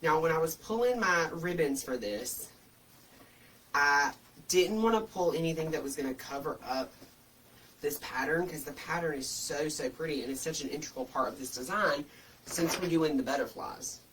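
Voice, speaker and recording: A man's voice: fairly high pitch, normal speed, fairly bright tone, recorded from a distance, slight background noise, rough recording. Chatty man teaching wreath making. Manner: chatty and folksy, full of homespun comparisons. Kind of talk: casual craft tutorial.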